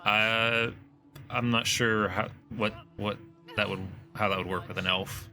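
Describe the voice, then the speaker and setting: A man's voice: on the low side, fairly even intonation, unhurried, bright, forceful tone, soft background music. A man talking casually and thinking aloud while playing a co-op video game. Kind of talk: casual gameplay chat.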